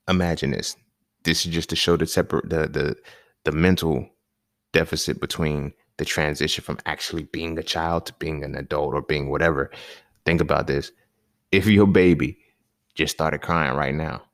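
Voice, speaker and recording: A man's voice: rumbling low, creaky, no echo, clean studio sound. A man hosting a podcast, talking in a casual, emphatic monologue full of slang and repeated points. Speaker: podcast host.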